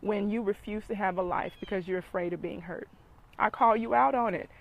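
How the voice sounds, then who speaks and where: A woman's voice: mid-range voice, fairly quick, vocal fry, poor audio. A middle-aged woman, giving an emphatic motivational talk as a dating coach and speaker, preaching and repeating points for emphasis.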